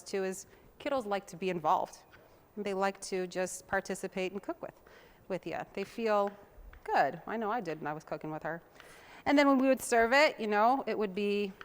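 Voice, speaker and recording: A woman hosting a casual cooking demonstration, chatting to viewers in a homey way while she chops and mixes, sometimes drifting away from the mic. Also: on the low side. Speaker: cooking show host.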